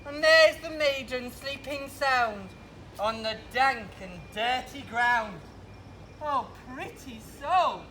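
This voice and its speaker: Puck, an actor playing a slow, sly sprite. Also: high voice, expressive, bright, forceful tone, a little hiss or hum, exaggerated voice. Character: mischievous sprite Puck, servant of a fairy king. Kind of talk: outdoor stage acting of verse.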